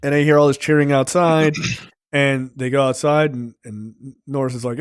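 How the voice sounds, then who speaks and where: A man who hosts a film review podcast chats casually, retelling scenes animatedly and cursing often. His mid-range voice has a clean tone at normal speed, and the clean studio sound carries no echo.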